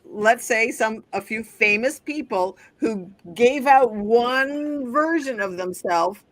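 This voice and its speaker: A woman co-hosts a talk podcast in a chatty, reflective way. Her voice sits a little high. The sound is dry and close to the mic. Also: expressive, slow pace, no echo. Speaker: podcast co-host. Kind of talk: casual conversation. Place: small studio.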